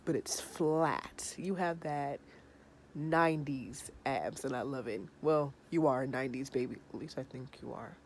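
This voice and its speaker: A woman in her thirties with a slightly low voice chats through a reality show episode. She is sassy and animated and sounds tired, as if talking late at night. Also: slight background noise. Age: 30s. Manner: sassy, animated, acts out the people she discusses. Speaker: reality TV recapper. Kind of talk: casual episode review.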